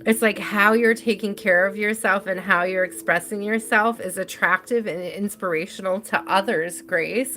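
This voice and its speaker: A woman giving a live tarot reading in a relaxed, chatty way. She giggles easily and speaks straight to her viewers by name. Her voice sits at a middle pitch. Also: measured pace. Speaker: tarot reader.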